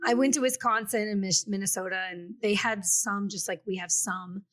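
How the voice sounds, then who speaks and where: A woman real estate agent co-hosting a casual chat, talking in an animated, storytelling way and acting out the quotes she tells. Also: mid-range voice, moderate pace, crowd noise. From Kansas City area. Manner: chatty and animated, acts out quotes.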